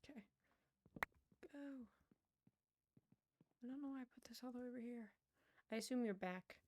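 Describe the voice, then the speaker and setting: A woman's voice: fairly high pitch, moderate pace, heavy background noise. A woman streamer chatting casually while she plays, rambling and laughing often. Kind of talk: casual chat while gaming. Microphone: wired earbuds with a headset mic.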